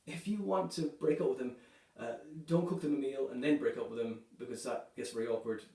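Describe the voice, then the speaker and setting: A man performing a stand-up comedy set, delivering dark jokes in a loose, chatty way, filling his lines with "you know" and "right". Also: medium pitch, brisk. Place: comedy club stage. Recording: echoey room, voice from a distance.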